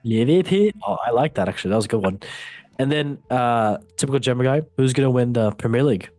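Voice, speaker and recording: A man's voice: medium pitch, animated, fast, a little mellow, no room sound, faint music behind. A man hosting a casual football podcast, playful and goofy, joking at his own expense. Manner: goofy, playful, self-mocking. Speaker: host.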